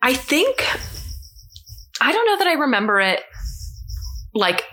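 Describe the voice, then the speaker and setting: A woman's voice: high-pitched, sing-song, unhurried, bright, forceful tone. A woman from Minnesota co-hosting a podcast, asking curious questions in a playful, laughing chat. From Minnesota, United States. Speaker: podcast co-host. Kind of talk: casual chat.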